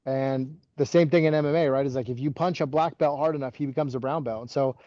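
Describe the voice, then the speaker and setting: A man in his forties talks as a podcast guest, his voice mellow and relaxed as he rambles through stories with constant "like" and restarts. The recording is dry and a little dull, as if through modest gear. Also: medium pitch, fast, no room sound. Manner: rambling, heavy use of "like" and restarts. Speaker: podcast guest, former wrestling coach. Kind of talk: casual interview storytelling.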